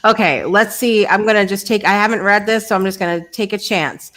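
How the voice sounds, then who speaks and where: A woman's voice: medium pitch, brisk, few pauses. Reflective woman hosting a chat show. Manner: warm, reflective, with many restarts. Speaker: host. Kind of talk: casual chat.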